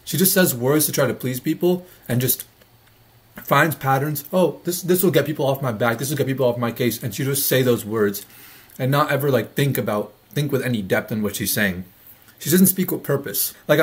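A man's voice: medium pitch, husky. A man hosting a reaction video, talking bluntly and mocking what he watches in casual, sarcastic commentary.

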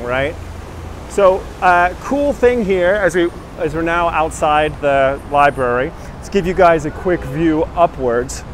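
A man's voice: fairly high pitch, slight background noise, low-quality recording. A man giving a live-streamed walking tour as a guide, talking casually and reading viewer comments aloud while he walks. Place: inside a library, then outdoors on a city street.

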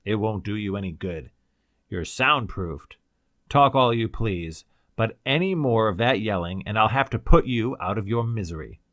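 A man's voice: mid-range voice, big pitch swings, a little slow, no echo, studio quality, pitched above the performer's own voice. A male reader voicing a menacing villain who threatens captives through a speaker. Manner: threatening, harsh. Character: rasping menacing villain over a ceiling speaker.

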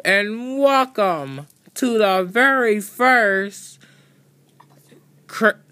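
A woman's voice: mid-range voice, expressive, very slow, sharp tone, no room sound. A woman hosting a homemade toy video, announcing like a playful showman.

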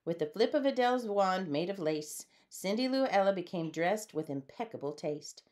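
A woman reading a storybook aloud in a lively way, changing her voice for the characters. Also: mid-range voice, moderate pace. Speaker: storybook reader. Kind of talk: read-aloud storybook narration.

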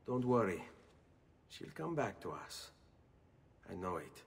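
An actor playing a calm, reassuring nobleman in a video game cutscene. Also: low-pitched, slow, gravelly, slight background noise, full character voice. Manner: gentle, reassuring. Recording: distant game audio with long reverb.

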